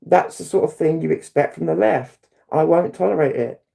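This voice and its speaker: A man's voice: a little high, moderate pace, creaky, mellow. A middle-aged man, hosting a livestream and ranting bluntly, with heated swearing. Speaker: livestream host.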